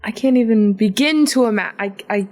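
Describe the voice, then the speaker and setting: A woman's voice: mid-range voice, fairly quick, a little mellow. A woman co-hosting a casual podcast, reacting to the guest with short exclamations. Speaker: podcast co-host.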